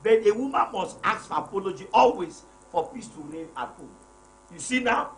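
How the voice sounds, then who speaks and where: Emphatic high-voiced preacher man, echoey room. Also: lively intonation, moderate pace, fairly bright tone. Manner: emphatic, repeats key phrases, preacherly. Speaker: pastor hosting a live marriage program. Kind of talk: live-stream chat reading viewer comments. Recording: echoey room with faint noise.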